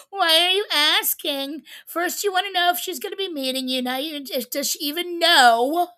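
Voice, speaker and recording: A woman with a very high voice co-hosts a casual livestream. She speaks slowly and reacts to viewer comments with short remarks and chuckles. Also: pushed and bright.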